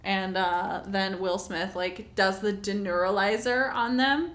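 Chatty American comedian in echoey room. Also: female voice, medium pitch, fairly even intonation, a little slow, a bit bright. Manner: storytelling, chatty with quoted voices. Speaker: podcast co-host, comedian. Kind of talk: casual chat.

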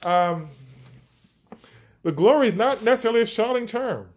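A man's voice: sits high, animated, normal speed, a little mellow. A man teaching scripture on a podcast, enthusiastic, stretching out key words for emphasis. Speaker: preacher.

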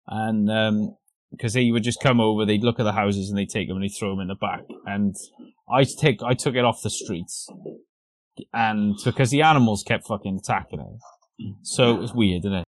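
A man's voice: lowish voice, normal speed, no echo. A man telling a story on a casual podcast. He swears freely and laughs through his story. The sound is dry and close, with no room around him. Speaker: podcast co-host.

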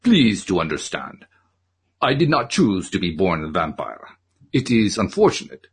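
A man reading aloud, voicing a pleading male vampire with a Transylvanian accent in a slow, formal, begging manner. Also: low voice, wildly swooping pitch, slightly rough, heavily acted.

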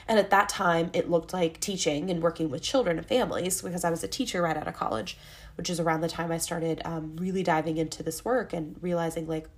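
A woman's voice: fairly low pitch, a little fast. A young adult woman hosting a solo podcast, talking candidly in a rambling, self-interrupting way. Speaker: podcast host. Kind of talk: casual solo podcast monologue.

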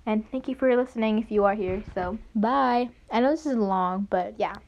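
A woman's voice: a little high, normal speed, darkish tone. Teen girl chatting on her podcast, um-ing and restarting a lot, kinda muffled lo-fi sound. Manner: rambling, hesitant, lots of fillers and restarts. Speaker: podcast host. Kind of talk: casual solo podcast chat. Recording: dull lo-fi home recording.

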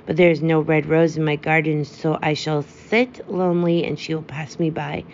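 A lovesick young student pours out a mournful, self-pitying lament, as a woman reads him. The voice is low and the sound is muffled, with faint hiss. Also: fairly even intonation, moderate pace.

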